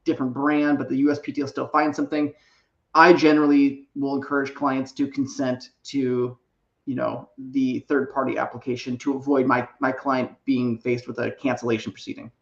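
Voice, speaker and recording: Gravelly co-host guy, dull echoey mic, explains stuff, lots of "right?". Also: medium pitch, little pitch movement, moderate pace. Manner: explanatory, tags sentences with "right?". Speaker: trademark attorney co-host. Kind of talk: explaining legal process on a live show.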